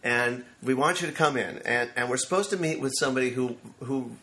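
A man in his fifties spins long anecdotes as an interview guest, slipping into the voices of people he describes. His voice sits at an ordinary middle pitch. The studio recording has a noticeable roomy echo. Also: brisk, a little hiss or hum. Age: 50s. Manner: animated storyteller who acts out quotes. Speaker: screenwriter guest. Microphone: studio microphone.

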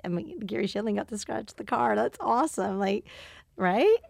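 Animated woman telling stories, dry close mic. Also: mid-range voice, moderate pace, vocal fry, dry recording. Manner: animated storyteller, laughs often, frequent fillers. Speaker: podcast host and comedian. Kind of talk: casual chat.

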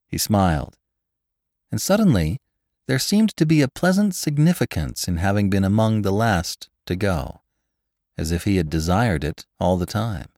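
A man's voice: low voice, big pitch swings, moderate pace, darkish tone, no room sound, studio quality. A man reading a classic novel aloud as an audiobook narrator, voicing each character expressively.

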